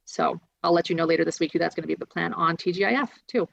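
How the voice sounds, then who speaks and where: Woman livestream host, gravelly low voice, rambling chat, lo-fi audio. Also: fast talker, fairly bright tone. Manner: chatty, rambling. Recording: dull lo-fi stream audio.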